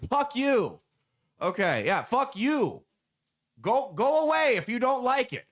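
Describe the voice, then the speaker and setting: A man's voice: very high-pitched, big pitch swings, slow, a bit bright. A man hosting political commentary, ranting with sarcastic, profane, heated delivery.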